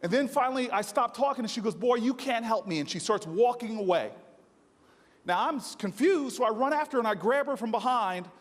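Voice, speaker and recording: High-voiced American man orating in a reverberant hall. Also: expressive, a little fast. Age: 40s. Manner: preacherly storytelling with rising oratory. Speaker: senator giving a speech. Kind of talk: impassioned political speech. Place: large conference hall.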